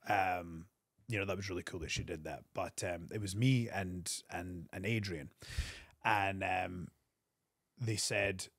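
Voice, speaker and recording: Give me a man telling stories with lively jumps in pitch, in a dry studio. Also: slightly rough, no room sound. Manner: animated storyteller, quick bursts of pitch. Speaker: wrestler guest. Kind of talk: storytelling interview.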